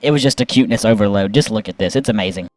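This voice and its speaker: A man's voice: racing, a little mellow, no echo, soft background music. Playful man reacting to memes, dry sound. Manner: playful, with sudden upward pitch jumps. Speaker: YouTube meme reviewer. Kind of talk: casual meme reaction commentary.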